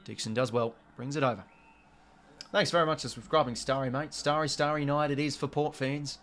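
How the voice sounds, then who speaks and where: A young Australian man calls a football match live from home as it unfolds on screen. He talks in a casual, running commentary with sudden excited bursts, offhand swearing and a self-mocking streak. His pitch sits in the middle for a man. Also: a little fast. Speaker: watch-along host.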